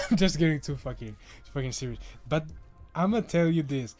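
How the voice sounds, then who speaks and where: A man's voice: a little high, expressive, moderate pace, darkish tone, faint music behind. A man from Africa hosting a casual solo podcast, rambling and swearing freely, with frequent stumbles and restarts. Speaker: podcast host.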